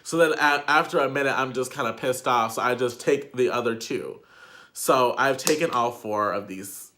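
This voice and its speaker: A man's voice: mid-range voice, bright, forceful tone. A young man vlogger telling a casual storytime, chatty and profane, with lots of "like" fillers.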